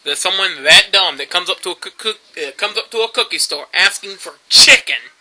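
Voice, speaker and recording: A man's voice: high voice, lively intonation, fairly quick, pushed and bright, low-quality recording. A man, telling rambling stories in a casual vlog monologue, full of fillers and laughs. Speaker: YouTube vlogger.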